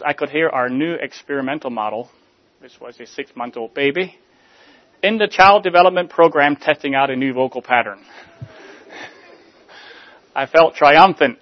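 A man delivering a sermon in a measured, rhetorical way, letting line endings fall soft. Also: on the high side, lively intonation, dull audio. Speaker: preacher.

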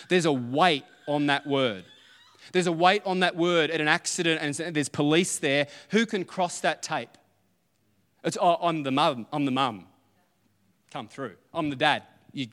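A man's voice: on the high side, fairly bright tone, clear, resonant tone. A man, preaching a conversational sermon and acting out little dialogues as he tells stories. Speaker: pastor. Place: church auditorium. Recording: long hall reverb.

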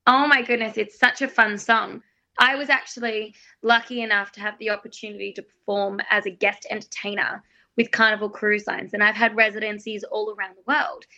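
A bubbly Australian woman tells stories with eager enthusiasm. Her voice sounds bright and forward. She chats casually as an interview guest. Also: mid-range voice, flat delivery, fairly quick. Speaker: guest singer-songwriter. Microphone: phone guest line.

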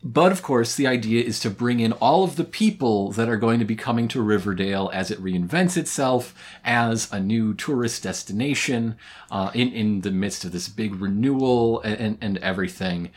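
A woman's voice: rumbling low, normal speed, a little mellow. A woman co-hosting a casual recap chat, wry and profane, laughing often. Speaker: podcast co-host.

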